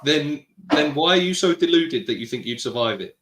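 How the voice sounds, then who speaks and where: A man's voice: fairly high pitch, expressive, normal speed, fairly bright tone, echoey room. A man with a British accent co-hosting a podcast, reading out chat messages and teasing his co-host. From Britain. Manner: teasing, argumentative, laughs often. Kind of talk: casual chat reading live chat.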